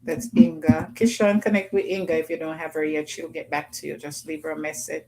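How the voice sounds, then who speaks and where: A woman's voice: low voice, brisk, hardly any pauses, a little mellow, low-quality recording. Chatty woman hosting a livestream. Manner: chatty, laughs often, Jamaican patois phrasing. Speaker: livestream host. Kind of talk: casual livestream chat, reading comments aloud.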